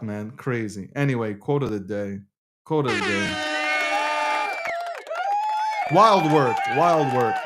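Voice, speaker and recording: Man, New York accent, show host, brash, profane, rambling, young adult, slightly high voice. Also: fairly bright tone. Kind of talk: casual crypto news show.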